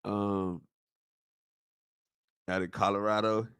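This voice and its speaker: A man's voice: lowish voice, slow, clean tone, dry recording, clean studio sound. A man from Southwest Florida chatting casually on a livestream, telling stories and answering viewers' comments. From Southwest Florida, USA. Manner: animated storyteller, reacts to chat. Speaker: live streamer answering chat.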